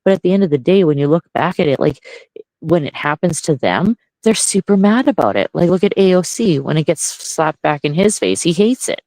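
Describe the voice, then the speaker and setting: A man's voice: fairly high pitch, big pitch swings, brisk, darkish tone, no room sound, low-quality recording. A man in his forties ranting heatedly and with lots of swearing as a guest on a casual online panel chat. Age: 40s.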